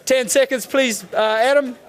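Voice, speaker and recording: A man giving a keynote talk to a live audience. He talks casually, swears, and urges the crowd to dance and shout. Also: very high voice, fairly even intonation, normal speed. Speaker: keynote speaker. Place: event room with audience.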